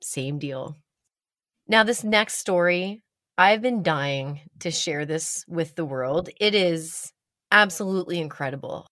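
A woman, likely in her thirties, casually telling a personal story with animated delivery and dramatic pauses. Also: no echo, studio quality. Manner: animated, dramatic pauses, rising pitch when excited.

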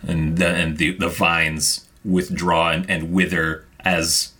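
A man with an extremely deep, low voice takes his turn as a player in a tabletop role-play. He talks slowly and deliberately, musing with drawn-out hums between his phrases. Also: little pitch movement, bright, forceful tone, slightly rough.

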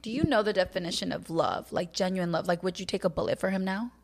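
A woman's voice: fairly low pitch, fast, vocal fry. A young woman in casual chat, supporting her sister and giving advice with big reactions. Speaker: podcast co-host.

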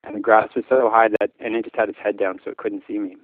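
A man from Newfoundland, Canada, recounting a frightening memory in casual speech, halting often with restarts and fillers. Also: on the low side, little pitch movement, narrow, tinny audio. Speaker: schoolteacher telling his story. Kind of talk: casual spoken recollection.

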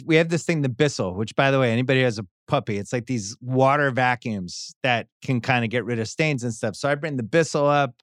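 A middle-aged man chats on a podcast and tells a long story. He acts out other people's lines in a higher voice. The sound is close and dry. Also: a little fast, few pauses, no echo. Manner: storytelling, acts out quotes in raised voice. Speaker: podcast host. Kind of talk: casual podcast chat.

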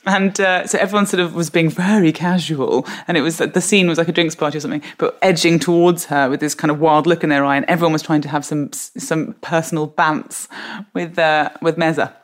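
Woman, podcast guest, lower voice, lively, giggly, self-mocking. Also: a little fast. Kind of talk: animated anecdote telling.

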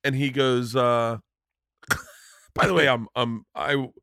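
A man hosting a casual podcast, his voice sitting at an ordinary middle pitch. He tells a story in a rambling, emotional way, stumbling and restarting as he goes and swearing freely. The room sound is dry and close. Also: little pitch movement, sharp tone, clean tone, no echo. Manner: halting, many restarts. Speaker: podcast host. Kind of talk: casual chat.

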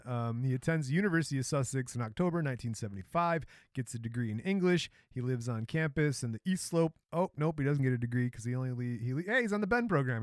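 Brief: middle-aged Michigan man, podcast co-host, wry storyteller, slightly high voice, dry close mic. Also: dry recording. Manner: joking, trips over names. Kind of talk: casual storytelling chat.

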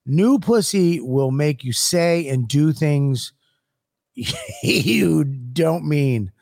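A man's voice: on the high side, wildly swooping pitch, very slow, creaky, darkish tone. A man co-hosting a podcast, trading brash, profane jokes in casual banter. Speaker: podcast co-host. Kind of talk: crude comedic banter.

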